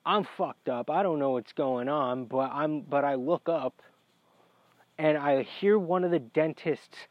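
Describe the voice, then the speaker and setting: Guy swearing his way through a rambling story, voice on the higher side, muffled dry audio. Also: unhurried, no echo. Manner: profane, rambling, gets heated. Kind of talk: casual storytelling. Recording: dry, dull lo-fi recording.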